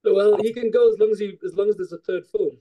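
A South African actor making dry, wry jokes in a video call interview. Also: male voice, high-pitched, steady tone, fast, warm tone. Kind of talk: casual interview chat.

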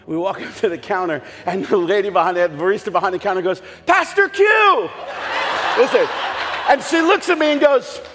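Brief: male pastor, high voice, joking storyteller with shouted bursts, long echo in a church hall, faint music. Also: fast, few pauses. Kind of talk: sermon. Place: church sanctuary.

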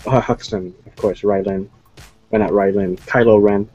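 A man's voice: fairly low pitch, steady tone, normal speed, mellow. A man hosting a casual movie chat who rambles, restarts his sentences and leans on fillers. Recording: muffled lo-fi sound with faint music.

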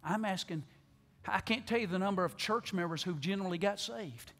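A man preaching an altar call to a large church, pleading, repeating words, and swinging from loud appeals to hushed tones. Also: high-pitched, brisk, faint music behind. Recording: long church hall reverb.

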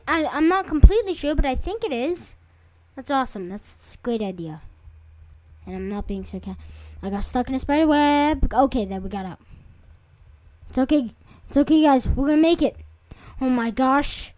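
A young woman with a fairly high voice gives casual commentary over her own gameplay. She chats to her viewers, rambles, and breaks into startled squeals at sudden scares. The sound is dry and close, with no room around it. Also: big pitch swings, moderate pace, darkish tone, no room sound. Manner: chatty, jumpy, easily startled, with sudden squeals. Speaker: gaming video creator. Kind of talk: casual let's-play commentary.

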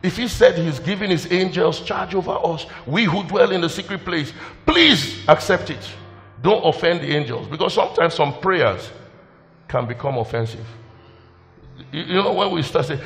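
A man's voice: a little high, big pitch swings, moderate pace, vocal fry, fairly bright tone. A male pastor, preaching a sermon in an emotional, exclamatory way. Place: church hall. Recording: long hall reverb, faint music.

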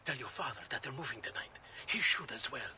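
A man's voice: medium pitch, lively intonation, fairly quick, sharp tone, a little hiss or hum. An actor playing a wary, secretive male contact in a video game, giving short, urgent orders.

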